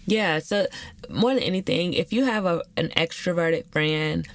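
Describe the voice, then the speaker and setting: A woman's voice: lowish voice, normal speed, dry recording. A young woman hosting a podcast, talking candidly and animatedly in slangy casual chat. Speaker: podcast host.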